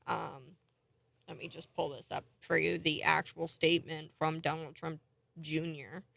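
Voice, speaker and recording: A woman's voice: low-pitched, unhurried, gravelly. A woman hosting a morning talk show, giving chatty, indignant political commentary. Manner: chatty and indignant, thinks out loud.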